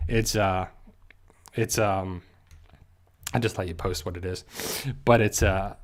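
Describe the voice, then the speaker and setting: A man hosting a casual livestream, talking haltingly with many fillers and restarts and growing emotional at times. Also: low-pitched, fairly even intonation. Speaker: YouTube channel host.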